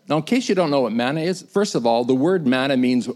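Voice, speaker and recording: Male preacher, animated sermon delivery with emphatic peaks. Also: medium pitch, fast talker. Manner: animated, rising to emphatic bursts; acts out the complaining crowd in quoted lines.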